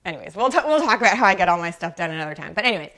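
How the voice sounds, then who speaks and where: A mom life coach hosts a live talk show for mothers, chatting away, greeting viewers by name, peppering her speech with "like" and constantly asking "right?" Her voice sits fairly low but swings widely in pitch, with a fairly bright tone, and she talks very fast.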